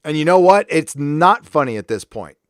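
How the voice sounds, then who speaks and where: A man's voice: fairly high pitch, big pitch swings, normal speed, no echo, clean studio sound. A man hosting a live stream, ranting angrily with heavy profanity, then easing into casual chat with viewers. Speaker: livestream host.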